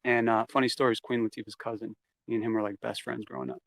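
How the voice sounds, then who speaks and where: In a casual interview, a man recounts a story from his past in a fast, creaky, mid-range voice with a level tone. He swears freely and acts out the quoted lines along the way.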